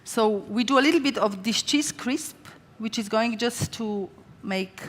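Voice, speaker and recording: A middle-aged woman from Slovenia talks fast and casually as she cooks on stage. Her stories bounce with quoted voices. The sound carries a long hall reverb. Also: fairly high pitch. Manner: chatty, fast storytelling with lively quoted voices. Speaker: chef giving a stage cooking demonstration. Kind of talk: live cooking demonstration and talk. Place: large event stage with audience.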